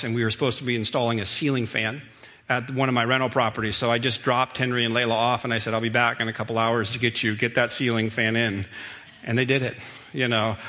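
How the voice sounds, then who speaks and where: Middle-aged male preacher, bright tone, storytelling sermon with hall reverb. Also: medium pitch. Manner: conversational, storytelling, emphatic. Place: church sanctuary. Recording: long reverb of a church hall.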